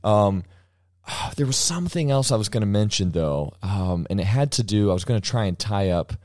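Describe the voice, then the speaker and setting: A man with a lowish voice talks loosely in a casual podcast chat. He rambles, restarts his sentences and laughs often. The recording is close and dry, with no room sound. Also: expressive, normal speed, darkish tone, dry recording. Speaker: podcast host.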